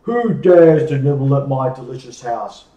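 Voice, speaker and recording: A man's voice: expressive, moderate pace, dark tone, distant mic, close to an everyday voice. A man voicing a wicked ancient witch who gloats and shrieks orders, recorded off-mic in an echoey room. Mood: sly. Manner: gloating, shrill when ordering.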